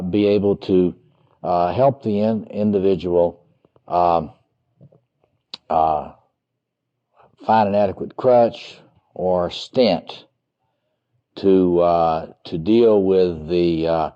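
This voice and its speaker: A man with a very low voice delivers a seminar lecture, stopping often on "uh" and restarting his sentences. He leans hard into the points he wants to stress. The recording is dull and lo-fi. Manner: halting, heavy with "uh" fillers and restarts; emphatic on key points. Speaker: lecturer on psychotherapy.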